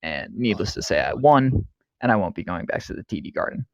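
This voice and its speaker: A man's voice: lowish voice, lively intonation, brisk, creaky, no room sound. A man telling a blunt, profane story in casual chat and laughing easily. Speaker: podcast co-host. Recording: dull lo-fi dry mic.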